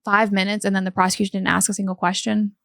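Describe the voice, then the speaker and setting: A woman with an Appalachian accent co-hosting a casual podcast, jumping in with quick remarks and agreeable backchannels. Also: medium pitch, little pitch movement, creaky, fairly bright tone, no room sound, clean studio sound. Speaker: podcast co-host.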